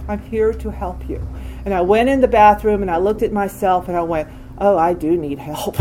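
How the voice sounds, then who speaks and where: Older woman, candid recovery testimony, halting with restarts, average pitch. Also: darkish tone, a little hiss or hum, rough recording. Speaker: speaker sharing a recovery story. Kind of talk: personal testimony.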